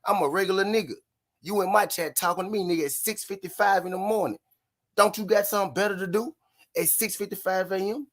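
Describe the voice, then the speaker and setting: A man's voice: sits high, quick pace, fairly bright tone. Taunting man on a live stream. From Memphis, Tennessee, US. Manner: taunting, mocking, laughs often, repeats lines. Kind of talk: live-stream banter with chat.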